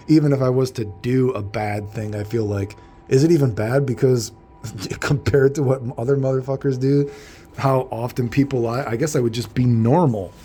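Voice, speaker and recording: A man's voice: mid-range voice, dark tone, a little hiss or hum. A man talking casually to his viewers in a rambling monologue, swearing freely and retelling his arguments with "you know" and "I'm like" again and again. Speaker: vlogger.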